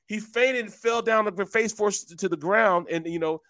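A man co-hosting a casual sports talk show, an animated storyteller who repeats phrases for emphasis. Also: high voice, normal speed, dry recording, clean studio sound. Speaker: sports radio co-host.

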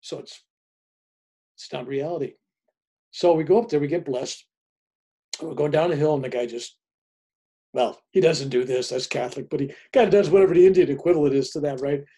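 A man in his seventies talks as a guest in a relaxed, animated storytelling manner, with frequent chuckles. His voice sits a little high, with a mellow, husky warmth. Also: fairly quick, pauses often. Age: 70s. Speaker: guest, spiritual author. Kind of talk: casual storytelling.

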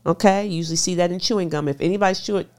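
Emphatic woman, slightly low voice. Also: rapid-fire, darkish tone. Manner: emphatic, repeats key points. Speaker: nutrition expert guest. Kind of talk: casual interview chat.

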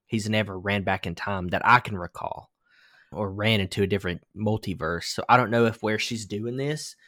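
A man's voice: lowish voice, moderate pace, bright, forceful tone, no room sound, clean studio sound. A young man co-hosting a podcast, talking in a loose, rambling way and swearing casually. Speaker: podcast co-host. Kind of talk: casual chat.

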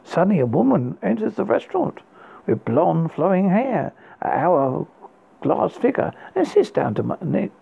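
Gravelly man reading a horror tale. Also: high-pitched, very animated. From United Kingdom. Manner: halting reading with restarts. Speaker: horror podcast host. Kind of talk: read horror story narration. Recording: tinny phone-like lo-fi sound.

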